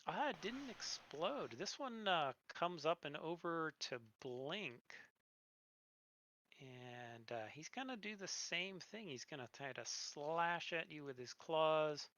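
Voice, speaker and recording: A man running a tabletop game as game master, narrating monster attacks in a relaxed way with filler words. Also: fairly high pitch, slow pace.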